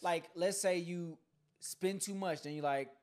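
A man's voice: high voice, measured pace. A young man co-hosting a casual podcast, telling stories playfully with laughter. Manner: animated storytelling, playful. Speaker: podcast co-host. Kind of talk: casual chat.

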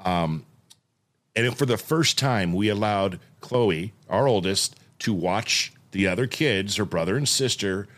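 A man's voice: on the low side, a little slow, fairly bright tone. A man in his forties telling a family story in a casual chat, acting out the voices of others as he goes. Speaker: podcast co-host.

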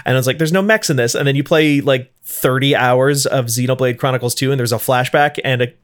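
A man on a podcast, telling an anecdote in an animated way and laughing at his own story. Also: medium pitch, fairly quick, clean tone. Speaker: podcast guest. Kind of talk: casual podcast chat.

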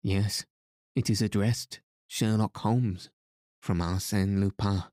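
A man voicing a jovial, excitable French gentleman in an audiobook story, talking in quick excited bursts. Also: lowish voice, no echo, clean studio sound. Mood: curious. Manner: excited, chattering, amused.

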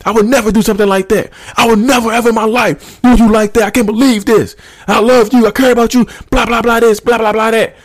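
A man voicing an indignant cheating partner who protests his innocence in a raised, high-pitched rant. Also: fairly even intonation, quick pace. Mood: outraged.

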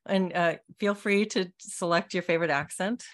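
A woman from Texas with a Texan accent, hosting a live stream in an earnest, halting way with many restarts. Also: on the low side. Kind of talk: casual live-stream chat.

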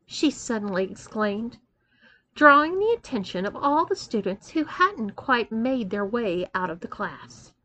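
A woman narrating a first-person story in a measured, expressive reading. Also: a little high.

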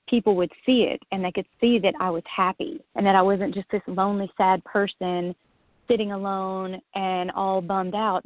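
A woman's voice: mid-range voice, dry recording. A woman guest telling her own story in a casual interview, acting out what she once said and laughing often. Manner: lively, acts out her own past remarks, laughs often. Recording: dry, phone-like line.

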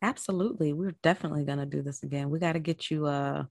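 A low-pitched woman with a gravelly edge, talking casually and chatty as a podcast guest. She's from Florida and tells her stories loosely. The sound is dry and close. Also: fast, hardly any pauses, darkish tone, no room sound. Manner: chatty, laughing, storytelling.

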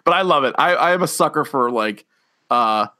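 A man's voice: mid-range voice, expressive, normal speed, sharp tone. A man co-hosting a casual podcast, animatedly retelling comedy sketches with frequent laughter. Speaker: podcast co-host. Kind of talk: casual chat.

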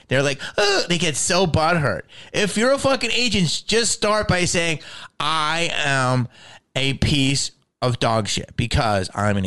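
A middle-aged man and actor ranting in casual talk, swearing constantly and sounding exasperated, his voice climbing higher as he gets riled up. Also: a bit bright. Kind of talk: profane casual rant.

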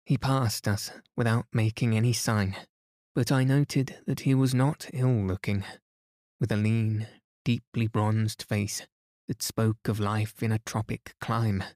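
A man narrating a classic detective story in a calm, steady bedtime reading meant to send listeners to sleep. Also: lowish voice, slow pace, dry recording, clean studio sound. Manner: soothing, steady. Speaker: podcast narrator.

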